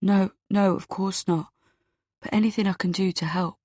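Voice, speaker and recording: A woman voicing a kind young man, speaking softly and sympathetically. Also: medium pitch, steady tone, normal speed, dry recording, studio quality, natural voice. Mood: soft, sympathetic.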